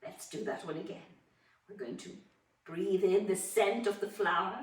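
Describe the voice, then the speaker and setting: A woman drama teacher leading a guided breathing lesson, counting slowly and encouraging. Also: medium pitch, far from the mic. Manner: slow, encouraging counting instructions. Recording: echoey room, voice from off-mic.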